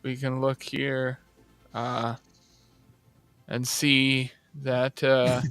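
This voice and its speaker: A man's voice: fairly high pitch, fairly bright tone, clean tone, dry recording. A man guest on a drinking livestream, explaining local results in a blunt, casual way.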